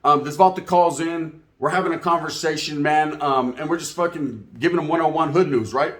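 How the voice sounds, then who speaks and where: A man's voice: fairly high pitch, brisk, roomy sound. A man telling a casual story to his channel's viewers in profane, slangy street talk. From California. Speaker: YouTube channel host.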